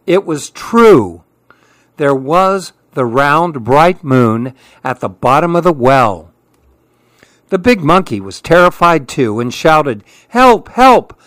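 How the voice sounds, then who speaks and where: A man reading children's stories aloud in a slow, gentle, expressive way. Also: on the high side, no echo. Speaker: storyteller. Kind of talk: children's story read-aloud.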